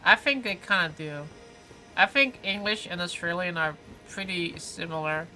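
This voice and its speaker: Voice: medium pitch, moderate pace, bright, forceful tone, poor audio. Game streamer, live session, casual chat, reads viewer comments, rambling fillers, game music behind. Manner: chatty, reads viewer comments aloud and answers them; frequent "like" fillers and self-corrections.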